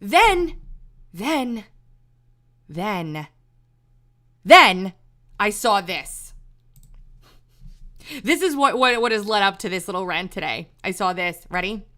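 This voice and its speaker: A woman's voice: medium pitch, normal speed, long pauses, a bit bright. A woman host delivering an exasperated, emphatic commentary monologue, repeating words when heated. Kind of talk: angry monologue rant.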